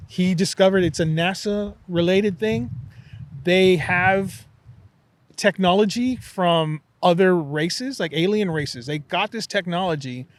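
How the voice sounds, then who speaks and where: A man hosting a podcast in casual chat, telling a conspiracy story in an animated, excitable way. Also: high-pitched, takes it slowly, no echo, rough recording. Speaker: podcast host.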